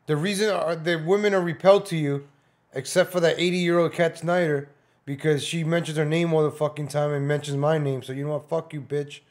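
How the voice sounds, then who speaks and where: A man's voice: on the high side, steady tone, a little fast. A man hosting a reaction commentary, talking bluntly over a clip, mocking and swearing freely. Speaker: commentary host.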